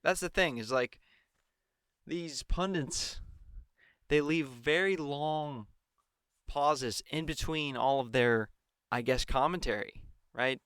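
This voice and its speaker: A man's voice: on the high side, takes it slowly, fairly bright tone, smooth, dry recording, clean studio sound. A man giving a sarcastic commentary on a televised debate and mocking the anchors. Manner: mocking, mimics the anchors in exaggerated voices. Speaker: political commentator.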